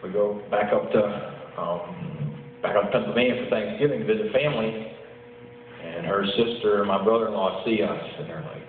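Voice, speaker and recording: Upbeat man telling his story at a meeting; somewhat low voice, heard from afar through a phone-thin, boomy room recording. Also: moderate pace, long pauses, slight background noise. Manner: enthusiastic, storytelling, chuckles often. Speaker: teacher and athletic director giving a testimonial. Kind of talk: personal testimonial speech. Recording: distant, tinny, echoey hall recording.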